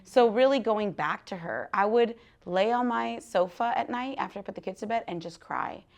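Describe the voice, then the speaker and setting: Woman in her 30s chatting candidly at a book talk, goes from hushed to loud bursts, laughs a lot. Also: mid-range voice, normal speed, vocal fry. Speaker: guest author speaking at a book talk. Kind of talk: casual live talk to an audience.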